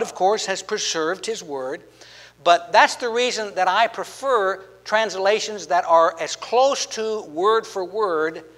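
High-voiced preacher in an echoing hall. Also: male voice, a bit bright. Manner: earnest teaching, repeats words, asks the audience questions. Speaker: pastor. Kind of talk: sermon. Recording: long hall reverb.

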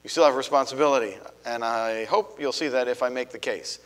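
A man's voice: mid-range voice, fairly quick, few pauses, a bit bright, big-room sound, low-quality recording. A man with a New York accent preaching a sermon as a guest speaker in a church, talking conversationally with frequent fillers and self-corrections. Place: church sanctuary.

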